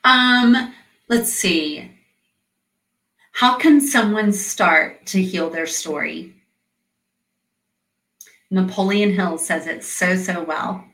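This guest, a middle-aged woman who works as a coach, speaks very slowly with frequent pauses while telling earnest stories in an interview held over a call, leaning on many fillers. Her mid-range voice is fairly bright but distant from the microphone, with an echoey room sound.

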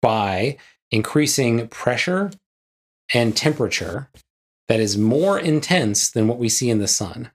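A man's voice: medium pitch, animated, measured pace. A man co-hosting a podcast, chatting casually with frequent "like" and "yeah" and jokey asides. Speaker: podcast co-host. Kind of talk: casual chat.

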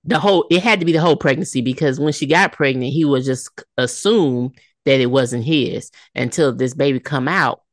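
A woman's voice: very deep voice, fairly quick, dry recording, clean studio sound. A woman co-hosting a podcast, reacting expressively and chiming in with agreement during a casual TV recap. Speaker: podcast co-host.

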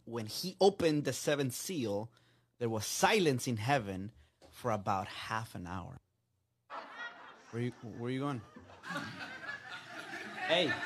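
A man delivering a short joke in a deadpan way, heard from a clip played back during a church sermon. His pitch is in the middle range. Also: a little slow, slight background noise.

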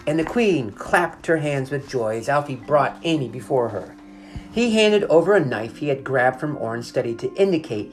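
Brief: woman storyteller, deep voice, lively intonation, faint music underneath. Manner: expressive, animated reading. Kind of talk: storybook reading.

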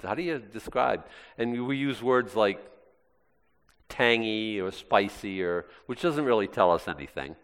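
This American pastor's lowish voice is expressive and moves at a normal speed. He rambles through an informal sermon in a folksy style, frequently interrupting himself, and the hall around him echoes.

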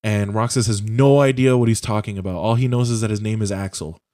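A man's voice: lowish voice, a little fast, dark tone, no echo, clean studio sound. A young man in casual chat on a voice call, rambling through a video game plot with swearing and lots of fillers. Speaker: podcast co-host. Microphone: home mic on a voice call.

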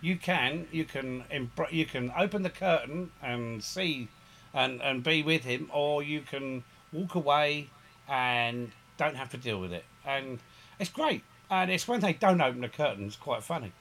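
A man in casual podcast chat, telling stories in a rambling, animated way with frequent restarts. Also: a little high, unhurried.

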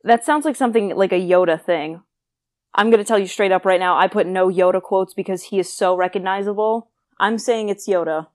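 A woman co-hosting a podcast in casual chat, animated, giggly and quick to exclaim. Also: medium pitch. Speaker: podcast co-host and quiz contestant.

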